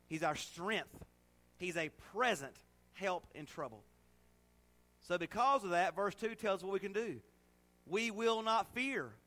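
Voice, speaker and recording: A male pastor preaching a sermon, swinging between loud, emphatic declarations and soft, folksy asides to the congregation. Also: high voice. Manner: folksy everyday examples with audience asides.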